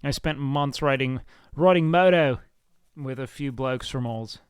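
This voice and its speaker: A man's voice: mid-range voice, a little slow, clear, resonant tone, no room sound, clean studio sound. A male streamer chatting casually while reacting to a video, laid-back and rambling, swearing often.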